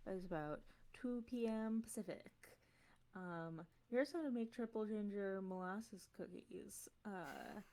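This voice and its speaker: A just-woken woman giving an offhand, deadpan promo that rambles through a recipe. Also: mid-range voice, measured pace. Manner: sleepy, deadpan, trails off. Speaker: tournament competitor giving a promo.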